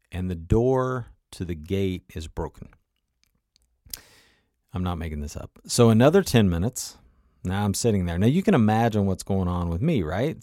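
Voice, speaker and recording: A man's voice: sits low, mellow, no echo, studio quality. A man telling a personal travel story in a conversational, motivational way, often turning to the listener with asides.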